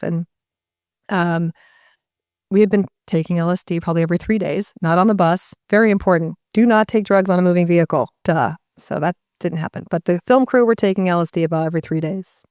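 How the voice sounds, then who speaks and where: Woman, low and smooth, dry close sound; animated storyteller who acts out the people she quotes. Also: fairly quick, dry recording. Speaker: guest speaker. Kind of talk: casual storytelling to a live audience.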